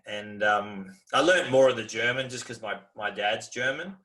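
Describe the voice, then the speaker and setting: A man's voice: on the low side, moderate pace, sharp tone, a little hiss or hum. An Australian man chatting casually over a video call, easygoing and rambling, laughing often. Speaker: guest.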